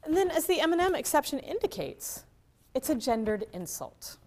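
A woman's voice: high voice, very animated, normal speed. A woman giving an academic conference lecture, often checking in with the audience through tag questions and restarting her sentences. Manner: restarts and repeats words mid-sentence.

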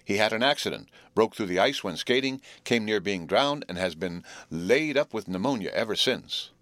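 A man narrating an audiobook in a measured storytelling manner. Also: on the low side, expressive, fairly bright tone, no room sound.

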